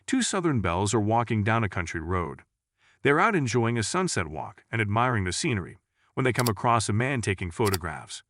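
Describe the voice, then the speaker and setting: Lively man reading jokes. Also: lowish voice, brisk, no echo. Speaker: joke narrator. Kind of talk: scripted joke reading.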